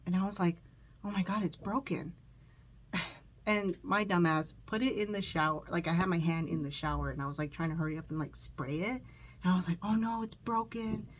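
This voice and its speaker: The audio is poor as a lowish-voiced woman records on her phone at home, chatting through her makeup routine. A makeup vlogger, she sounds somewhat nervous and self-conscious, rambling with lots of fillers and restarts and sniffling from allergies.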